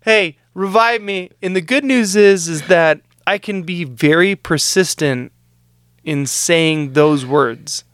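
Smooth-voiced joking man in his thirties. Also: a little high, takes it slowly, fairly bright tone, no echo, clean studio sound. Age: 30s. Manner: joking, self-mocking. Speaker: podcast host. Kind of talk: casual chat.

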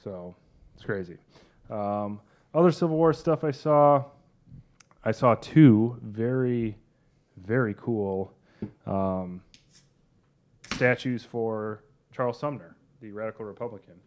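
A man's voice: on the low side, takes it slowly, long pauses, a little mellow. A man co-hosting a podcast in casual chat, rambling and self-deprecating with many fillers. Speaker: podcast co-host.

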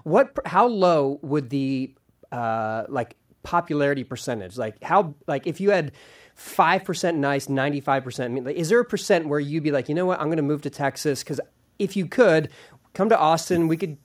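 A pastor hosting an interview show, asking questions with a teasing, joking edge. His voice is a bit higher than most men's, and he keeps the talk loose and casual. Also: expressive, normal speed. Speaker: podcast host and pastor.

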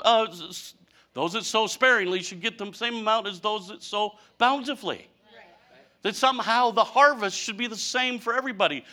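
Bright, high-voiced preacher man in his fifties. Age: 50s. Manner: animated, mock-whining storytelling with a folksy drawl. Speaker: pastor. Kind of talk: humorous sermon.

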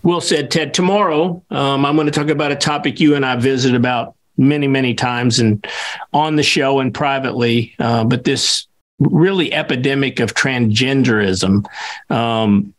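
A male co-host speaks in a mid-range voice, calm and measured. He hesitates often, leaning on fillers as he tees up the next topic. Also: medium pitch. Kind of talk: talk show conversation.

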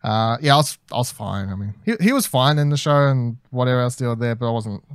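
A man's voice: medium pitch, animated, fast, clean tone, no room sound. A young man with an Australian accent, co-hosting a laid-back review discussion. He talks in loose, hesitant runs full of fillers and the odd swear word. The recording is close and dry, with no room sound. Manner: rambling, hesitant, swears casually. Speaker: podcast co-host. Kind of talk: casual review chat.

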